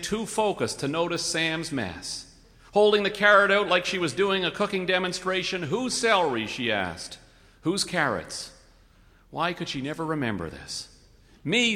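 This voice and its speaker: A man reading a humorous story aloud with wry, measured narration and comic timing. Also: on the high side, pushed and bright. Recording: reverberant hall.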